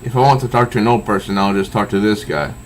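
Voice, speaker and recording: A man's voice: on the low side, fast, close to an everyday voice. A man voicing a smug, mind-controlling mad prince as he reads a comic aloud. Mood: mocking. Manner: smug, lighthearted taunting. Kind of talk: reading comic dialogue aloud.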